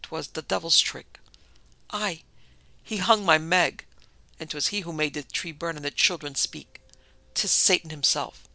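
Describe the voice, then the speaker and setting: An angry, superstitious male villager mutters in old-fashioned speech, voiced by a man reading aloud. The voice has a gravelly edge and sounds close and dry. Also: a little high, fairly even intonation, measured pace, pauses often, bright, forceful tone, dry recording, full character voice.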